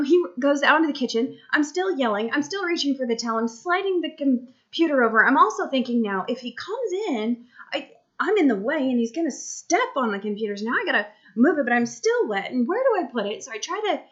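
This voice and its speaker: A woman's voice: high-pitched, fairly bright tone, highs cut off. A woman in her thirties, a mom, telling a story to camera in a chatty, rambling way full of asides, recorded at home. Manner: chatty and rambling, lots of fillers and asides to the listener. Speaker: mom vlogger.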